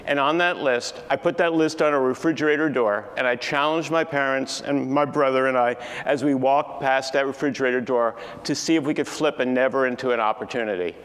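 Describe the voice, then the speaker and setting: Older male keynote speaker, animated storyteller, recorded in a reverberant conference hall. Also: medium pitch, a little fast, few pauses. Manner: animated storytelling, acts out family dialogue. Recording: distant echoey hall with faint ambience.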